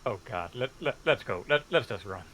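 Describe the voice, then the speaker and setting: Man, tabletop player, casual chat, dry wit, mid pitch. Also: expressive, moderate pace, fairly bright tone, a little hiss or hum, poor audio.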